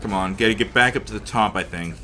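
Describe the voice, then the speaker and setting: A man giving casual commentary while playing a game, talking to himself and to the characters, sometimes slipping into a mock accent or a hushed murmur. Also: lowish voice, fast, slight background noise. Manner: talks to himself and the game characters, rambling and reactive; slips into a mock accent, drops to a hushed murmur when sneaking. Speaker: let's play gamer.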